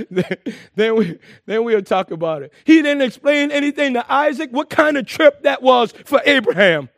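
A man preaching a sermon to a congregation, lively and emphatic, with frequent laughs and repeated phrases. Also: very high voice, moderate pace, no room sound, clean studio sound.

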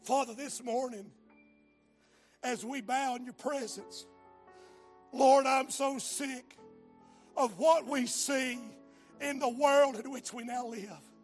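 Faint music plays behind an older man delivering a revival sermon and prayer with great passion. His extremely high voice holds a steady tone, moving slowly with long pauses as it shifts from hush to shouting and cracks with emotion.

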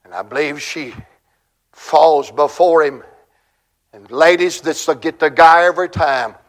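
A man preaching a sermon in church, telling a story with dramatic, shouted climaxes. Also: fairly high pitch, a little slow.

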